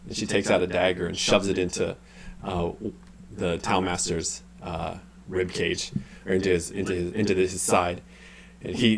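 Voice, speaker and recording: Low-voiced man running a tabletop game. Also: a little hiss or hum. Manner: relaxed, full of fillers and restarts. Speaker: game master.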